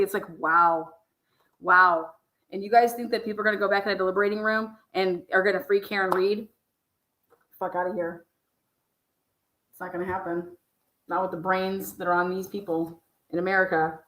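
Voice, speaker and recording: Angry woman ranting on a stream, swears nonstop, sharp forceful voice, echoey room. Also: mid-range voice, steady tone, moderate pace, long pauses. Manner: blunt, angry, swears constantly. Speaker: livestream trial commentator. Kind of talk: profane ranting commentary.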